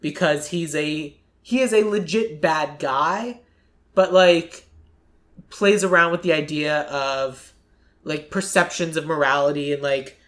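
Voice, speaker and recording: A podcast host in casual chat, talking loosely with lots of "like" and quick acted-out quotes. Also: medium pitch, a bit bright. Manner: chatty, fills speech with "like", acts out quick quotes.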